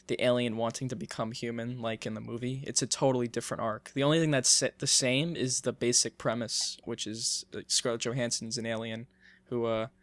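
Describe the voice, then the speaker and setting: Brief: male podcast co-host, animated casual film talk, mid pitch, dead-dry mic. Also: fairly quick, dry recording. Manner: animated, swears casually, laughs.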